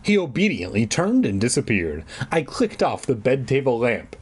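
A man's voice: mid-range voice, huge pitch swings, normal speed, breathy edge. A man reading a children's horror book aloud, breaking off for profane, sarcastic asides. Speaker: reader. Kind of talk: casual read-aloud with comic asides.

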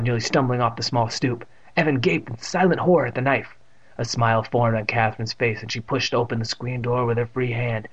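A man narrating a story in a steady, plain reading voice, adding jokes of his own. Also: medium pitch, breathy edge, dull audio. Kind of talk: audiobook reading with ad-libbed jokes.

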